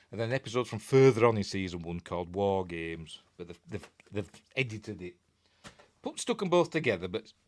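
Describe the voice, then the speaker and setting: With a somewhat low voice in a dry recording, a film review livestreamer from Yorkshire chats casually, rambling and chuckling as he goes through viewer comments.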